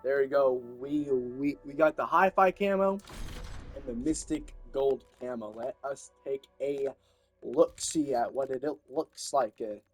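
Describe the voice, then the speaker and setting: A young man hosting his gaming channel, giving chatty, excitable commentary with playful asides. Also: medium pitch, measured pace, faint music behind, low-quality recording. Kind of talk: casual gameplay commentary.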